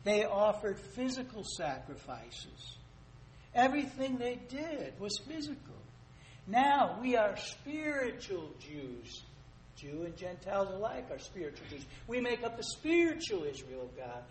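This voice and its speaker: A man preaching a sermon, emphatic and rising to loud rhetorical questions, addressing listeners as dear ones. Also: high-pitched, very animated, moderate pace. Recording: echoey room, faint noise.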